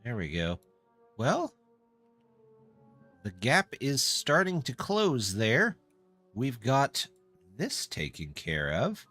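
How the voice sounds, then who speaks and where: A man's voice: mid-range voice, wildly swooping pitch, slow pace, long pauses, pushed and bright, soft background music. A man live-streaming a game and chatting casually with viewers, answering their comments in a loose, self-deprecating way. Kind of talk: casual live-stream chat while gaming.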